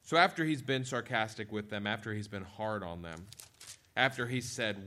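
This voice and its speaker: A man delivering a sermon with a bright, forceful voice. He preaches in a lively, animated way. He acts out sarcastic quotes and reads scripture aloud. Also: lowish voice, normal speed. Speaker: pastor.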